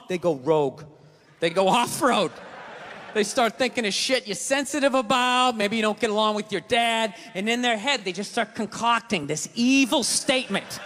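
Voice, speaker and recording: A man performing a stand-up comedy set, ranting profanely and often breaking into shouts. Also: very high voice. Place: large theater stage. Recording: echoey hall, loud crowd, noisy.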